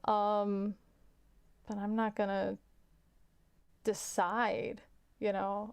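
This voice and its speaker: A woman's voice: mid-range voice, slow, vocal fry, long pauses, darkish tone. A woman hosting a casual livestream, chatting frankly with viewers and often restarting her sentences. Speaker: livestream host.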